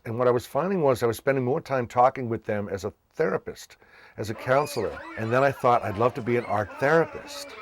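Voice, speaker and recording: A man's voice: medium pitch, dry recording. Man telling his life story, very dry. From Massachusetts. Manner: animated, acts out quoted voices. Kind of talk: casual storytelling.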